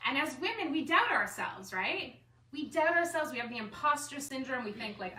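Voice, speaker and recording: A bright, slightly high-voiced woman tells a personal story to a group, chatty and animated, acting out what she and others said. She is picked up from some distance in an echoey room. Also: normal speed. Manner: chatty, animated storytelling full of "like" and self-quotes. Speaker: artist and designer speaking at a gathering. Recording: echoey room, mic far off, faint room noise.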